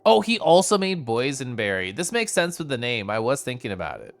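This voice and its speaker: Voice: mid-range voice, very animated, fairly quick, soft background music. Bubbly streamer with squealy "ooh"s. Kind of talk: casual live-stream commentary.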